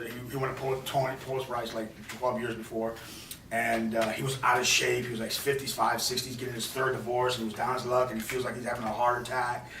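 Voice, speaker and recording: A man, a film director from New York, telling a rambling, animated story in an interview at a film festival, with many restarts. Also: medium pitch, a little hiss or hum. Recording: echoey, distant mic with faint ambience.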